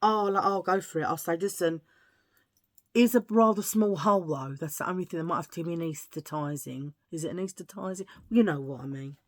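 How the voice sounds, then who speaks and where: A woman's voice: deep voice, fairly quick, few pauses. A British woman talking to her camera in a casual haul video, chatty and rambling, cracking self-mocking jokes as she goes. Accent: British English. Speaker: vlogger.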